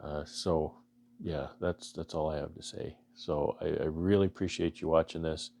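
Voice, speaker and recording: Brief: low, gravelly Canadian man, beekeeper vlogger, earnest and halting, a little choked up. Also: fairly even intonation, warm tone, a little hiss or hum. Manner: halting, many restarts and fillers, earnest. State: emotional, choking up. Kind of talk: casual heartfelt talk to camera.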